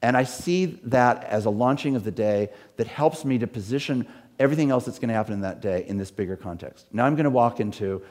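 A man's voice: medium pitch, a little fast, a little mellow. A middle-aged man, a pastor, talking in an earnest, rambling way with many restarts. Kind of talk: reflective talk.

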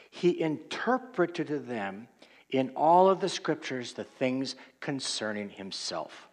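A male pastor preaching an expository sermon in a conversational, reflective manner. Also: a little high.

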